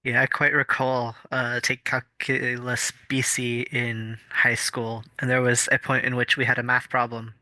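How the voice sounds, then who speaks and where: A man's voice: mid-range voice, monotone, unhurried, hardly any pauses, sharp tone, dry recording. A man co-hosting a casual podcast, explaining things thoughtfully with fillers and restarts. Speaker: podcast co-host. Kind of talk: casual chat.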